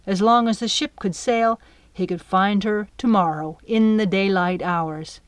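A woman narrating a children's adventure audiobook in a measured, expressive way. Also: mid-range voice, clear, resonant tone, dry recording.

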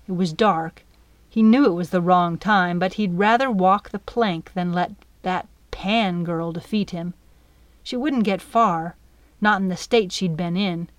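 A woman narrating a children's adventure audiobook in a measured, expressive way. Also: mid-range voice, no room sound.

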